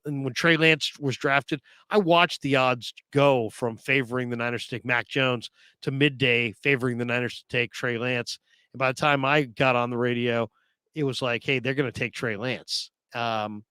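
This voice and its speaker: A man's voice: medium pitch, fairly bright tone, smooth, no room sound. A man hosting a casual sports talk show, reading viewer comments aloud and laughing often.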